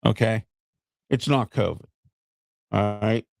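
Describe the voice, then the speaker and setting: A man's voice: on the low side, takes it slowly, gravelly, a little mellow. A middle-aged man hosting an opinion show, ranting bluntly and with exasperation straight to his viewers.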